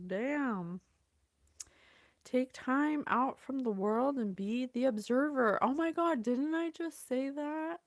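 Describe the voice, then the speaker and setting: A woman psychic host chatting through a casual livestream reading, effusive and gushing, greeting viewers by name. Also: fairly high pitch. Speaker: psychic reader and show host. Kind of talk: casual livestream channeling talk.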